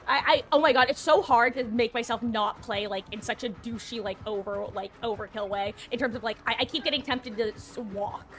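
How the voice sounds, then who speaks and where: A woman's voice: on the high side, brisk, few pauses, fairly bright tone, soft background music. A woman streaming a multiplayer game, chatting casually with viewers and teammates and laughing often. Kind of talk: casual gameplay commentary.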